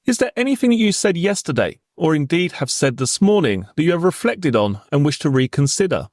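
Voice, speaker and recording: A man's voice: fairly high pitch, very animated, brisk, darkish tone, no echo, clean studio sound. A man playing a prosecuting barrister in a courtroom reenactment, asking formal, probing, pointed questions. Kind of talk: courtroom cross-examination reenactment.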